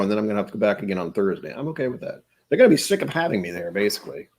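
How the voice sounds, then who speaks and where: A man's voice: fairly low pitch, animated, rapid-fire, few pauses, a little mellow. A man hosting a live stream, chatting casually and rambling, tired and self-deprecating, greeting viewers by name. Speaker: livestream host.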